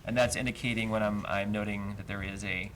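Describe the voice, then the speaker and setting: A man's voice: fairly low pitch, fairly even intonation, brisk, fairly bright tone. A man teaching a verse-by-verse Hebrew lesson, explaining cantillation marks patiently and chanting each trope name aloud. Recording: livestream with faint noise.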